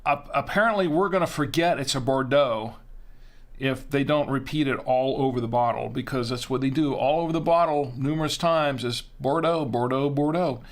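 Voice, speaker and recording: A man with a gravelly, creaky voice hosts a casual wine-tasting livestream. He rambles loosely, with plenty of fillers and restarts, while reading out viewer chat. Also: mid-range voice, normal speed.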